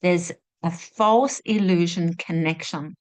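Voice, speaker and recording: A woman giving a spiritual teaching talk, asking rhetorical questions and acting out inner voices in an expressive way. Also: fairly low pitch, slow. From Australia.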